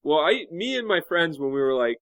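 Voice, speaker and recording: A man joining a podcast panel as a guest, telling jokey, animated stories with many fillers. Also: fairly high pitch, brisk, no room sound. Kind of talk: casual panel discussion.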